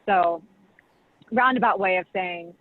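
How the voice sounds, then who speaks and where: A woman's voice: lowish voice, measured pace, no echo. Chatty woman on a tinny video call. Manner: chatty, full of "like" and "you know". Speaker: champagne brand director, guest. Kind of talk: casual explanatory talk. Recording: tinny video call audio with faint hiss.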